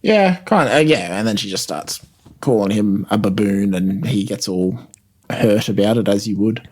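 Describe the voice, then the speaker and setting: A man co-hosting a podcast in relaxed conversation, slowly and thoughtfully unpacking what a scene means. His voice sits on the low side for a man, and his delivery stays easygoing and reflective. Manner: thoughtful, explains scenes at length. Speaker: podcast co-host. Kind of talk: casual chat.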